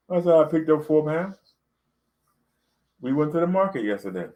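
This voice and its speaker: A man's voice: fairly high pitch, very animated, normal speed, pauses often, muffled recording. A man, talking to camera in a loose, rambling vlog, full of fillers and repeats. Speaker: vlogger. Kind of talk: casual talk to camera.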